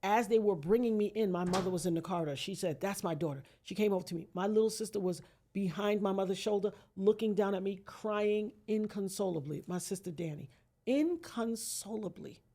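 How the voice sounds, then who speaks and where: With a medium-pitched voice and a slightly fast pace, a woman guesting on a podcast tells a dramatic personal story. She imitates the voices she quotes, and her emotional storytelling moves from hushed to near-shouting.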